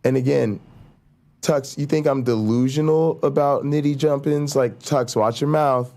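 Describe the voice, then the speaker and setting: A man's voice: medium pitch, unhurried, darkish tone. A man hosting his own talk show, ranting in a heated, repetitive way, restarting sentences and acting out mock quotes. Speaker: show host.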